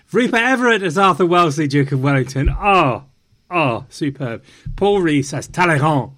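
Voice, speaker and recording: A man's voice: on the high side, fairly bright tone. A man hosting a film podcast, theatrical and playful, slipping into mock indignation and French phrases. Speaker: podcast host. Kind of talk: casual film review chat.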